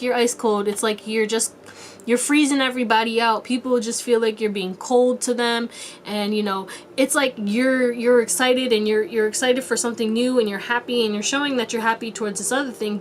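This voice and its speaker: A woman's voice: on the high side, slight background noise. Chatty, playful tarot reader woman. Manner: chatty, rambling, laughs at herself, playful asides. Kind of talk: casual pick-a-card tarot reading.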